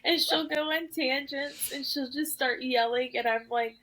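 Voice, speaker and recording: A woman's voice: high voice, unhurried, fairly bright tone, poor audio. A woman co-hosting a podcast in casual chat, rambling and giggling as she tells stories. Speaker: podcast co-host.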